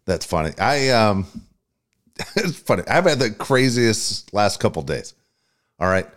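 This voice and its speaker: A man's voice: fairly low pitch, measured pace. Profane, ranting middle-aged man. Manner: profane, ranting, animated storytelling. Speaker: podcast co-host and youth baseball coach. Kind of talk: casual chat.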